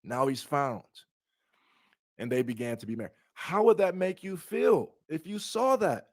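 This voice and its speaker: A man's voice: on the high side, lively intonation, unhurried. A man leading a bible study, reading scripture aloud and breaking off with rhetorical questions and frequent restarts. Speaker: bible teacher.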